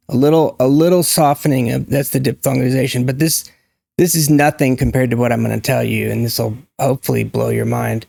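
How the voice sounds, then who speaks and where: An opinionated man, speaking to camera in a gravelly, medium-pitched voice. He talks emphatically and demonstrates sounds, close to the mic in a dry, dead room. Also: fairly even intonation, a little fast, a little mellow, no echo. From United States. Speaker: YouTube language commentator. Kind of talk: casual to-camera talk on pronunciation.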